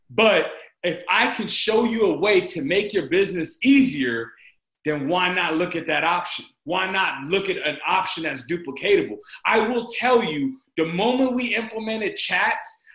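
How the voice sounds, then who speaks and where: High, bright-voiced man on a video call. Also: reverberant, low-quality recording. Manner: energetic, repetitive, addresses the group as "guys". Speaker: team leader on a group video call. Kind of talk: motivational team training talk.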